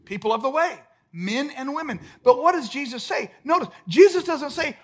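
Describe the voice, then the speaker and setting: A man preaching a sermon as pastor at a church service, emphatic, swinging between loud outbursts and hushed, soft lines. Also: extremely high pitch, big pitch swings, normal speed, slightly rough.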